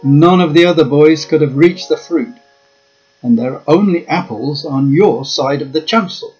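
A man's voice: fairly high pitch, moderate pace, close to an everyday voice. A man voicing a stern, commanding vicar who bellows his reprimands. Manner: loud, bellowing and reproachful. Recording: dull lo-fi with faint guitar.

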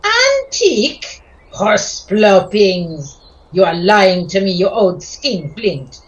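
A woman's voice: lowish voice, takes it slowly, muffled recording. A woman playing Olga, an indignant wife scolding her husband.

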